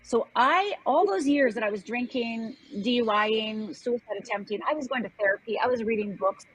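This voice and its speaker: Husky older woman telling her story. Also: on the high side, moderate pace, a bit bright, rough recording. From Upper Michigan, United States. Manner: earnest, emphatic storyteller. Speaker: guest. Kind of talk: personal storytelling interview.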